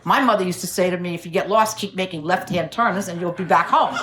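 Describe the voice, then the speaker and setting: A middle-aged woman from New York City speaks at a recovery meeting as an AA speaker, giving a wry, self-mocking share and laughing often. Her voice is lowish and a bit bright, and she talks quickly.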